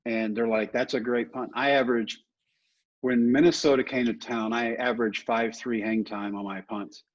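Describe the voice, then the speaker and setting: A middle-aged man, a former ballplayer, tells animated stories in a casual podcast interview and acts out other people's lines. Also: mid-range voice, normal speed, lo-fi sound. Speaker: guest, former ballplayer and motivational speaker.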